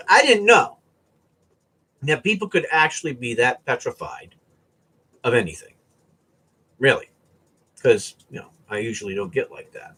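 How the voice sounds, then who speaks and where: A man from the US East Coast, hosting a casual home vlog and telling a story in an animated way, often ending sentences with "right?" or "okay?". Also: medium pitch, moderate pace, long pauses, slightly rough. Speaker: vlogger host.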